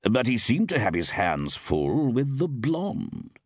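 A man's voice: mid-range voice, wildly swooping pitch, breathy edge, no echo, studio quality, pitched above the performer's own voice, full character voice. A man playing an urbane old police chief. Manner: slow, measured, urbane. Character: suave older police chief, urbane and unhurried.

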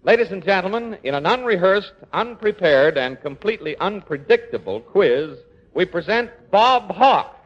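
A man's voice: sits high, animated, normal speed. A man announcing a 1940s radio show in a polished, ceremonious style. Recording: dull lo-fi 1940s radio broadcast with music.

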